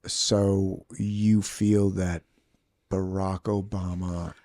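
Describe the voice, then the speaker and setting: A man's voice: sits low, flat delivery, a little mellow, dry recording, clean studio sound. A man hosting a podcast, chiming in and asking probing follow-up questions. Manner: quick interjections, probing follow-ups. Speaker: podcast host. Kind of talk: casual interview chat.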